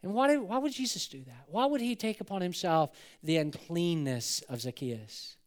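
High-voiced man preaching a sermon. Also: normal speed. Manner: animated preaching, rising loud for emphasis and dropping to a hush; acts out the people in the story in quoted voices. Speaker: pastor.

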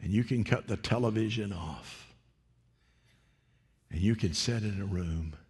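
A male preacher delivering a sermon, swinging from hushed whispers to loud, rising exclamations. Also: fairly low pitch, a little slow, husky, in a large hall.

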